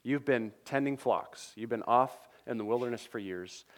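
A man preaching a sermon to a congregation, animated, speaking the lines of Bible figures in his own voice and adding quick asides to the listeners. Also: mid-range voice. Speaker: pastor.

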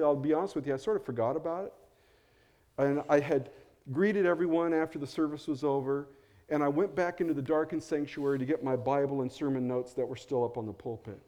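A middle-aged man, a pastor, telling stories in a sermon in a conversational way, going soft and low when he quotes people. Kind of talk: storytelling sermon.

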